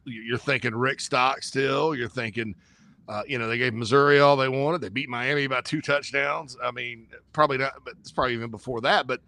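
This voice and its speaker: A man co-hosting a casual sports talk show, rambling and joking with sudden jumps in pitch. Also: steady tone, brisk, creaky, pushed and bright.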